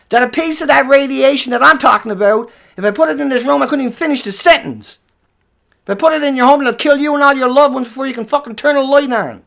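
A man hosting a livestream who rants furiously, hurling profane insults and sometimes shouting. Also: very high voice, fairly quick, creaky. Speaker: livestream host. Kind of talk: angry livestream rant.

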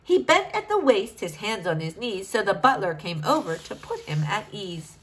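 A woman reading a rhyming children's storybook aloud in an expressive, sing-song way. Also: medium pitch, normal speed, breathy edge, poor audio.

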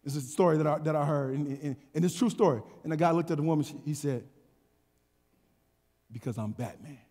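A man preaching a sermon, telling a story with call and response, repeating his words and building to shouts. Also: on the high side, fairly even intonation, very fast, big-room sound. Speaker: pastor.

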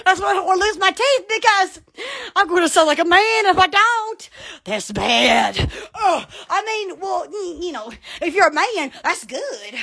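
A woman's voice: extremely high pitch, expressive, measured pace, vocal fry, pushed and bright. A woman hosting a casual livestream, giggly and rambling with frequent exclamations. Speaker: livestream host. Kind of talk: casual Instagram livestream chat.

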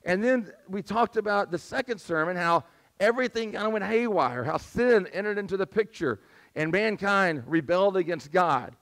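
Male pastor, high voice, squeaky and strained, conversational sermon delivery. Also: lively intonation, moderate pace, a bit bright. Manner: conversational preaching, asks the congregation for responses. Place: church sanctuary.

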